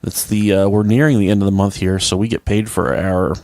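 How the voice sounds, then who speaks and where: Deep-voiced man with loose, crude banter. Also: steady tone, a little fast, a little mellow, dry recording. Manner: loose, profane and joking. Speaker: podcast co-host. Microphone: podcast microphone.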